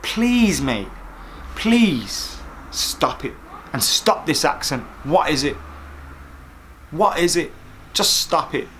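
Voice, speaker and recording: A man's voice: fairly high pitch, very animated, slow, pauses often, fairly bright tone, a little hiss or hum. Sarcastic football vlogger, man. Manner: exasperated, sarcastic ranting. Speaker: football fan vlogger host. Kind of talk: opinionated fan commentary.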